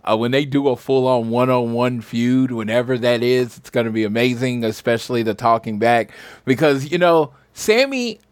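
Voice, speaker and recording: A man's voice: medium pitch, moderate pace, no echo, clean studio sound. Rambling male wrestling podcast co-host. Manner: rambling, filler-heavy. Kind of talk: casual wrestling chat.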